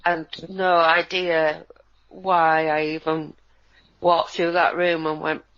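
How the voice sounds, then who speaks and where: A woman, co-hosting in a sardonic, animated casual chat. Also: low-pitched, slow pace. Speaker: co-host. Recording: dull lo-fi audio.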